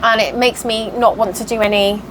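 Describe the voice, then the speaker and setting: A woman's voice: on the high side, steady tone, moderate pace, background noise. A tired woman chatting casually in a vlog update, venting her frustration and getting worked up. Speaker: cross stitch vlogger.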